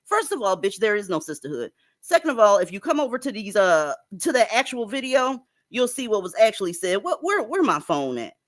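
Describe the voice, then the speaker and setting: A woman host delivers reaction commentary in a blunt, swearing rant. Her pitch swings widely as she talks, at a mid pitch for a woman. The sound is dry and close, with no room echo. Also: a little fast. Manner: blunt, animated, swearing freely.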